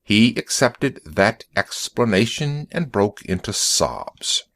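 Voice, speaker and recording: A man narrating a story in a slow, clear audiobook reading for English learners. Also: fairly low pitch, big pitch swings, fairly bright tone. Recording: dry close recording.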